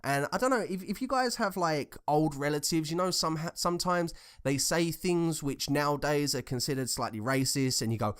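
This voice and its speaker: A man's voice: fairly high pitch, animated, normal speed, few pauses, smooth. A man giving casual, rambling commentary, telling anecdotes in a blunt, profane, conversational way. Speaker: commentary vlogger.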